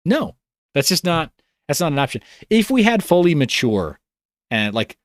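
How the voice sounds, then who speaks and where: A man's voice: a little high, big pitch swings, moderate pace, no echo. A man hosting a livestream, reading comments in a loose, rambling way with a tired voice. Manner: rambling, loose, self-interrupting. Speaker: livestream host.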